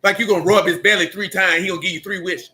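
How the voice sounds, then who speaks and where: A man's voice: high voice, fairly even intonation, fast, pushed and bright. A man preaching a sermon, emphatic and blunt, with street slang and mocking asides.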